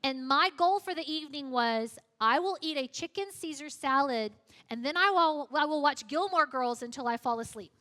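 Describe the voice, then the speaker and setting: A woman speaking at a church, telling a story in a lively way and acting out the dialogue. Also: sits high, normal speed, few pauses, big-room sound. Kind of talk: storytelling sermon.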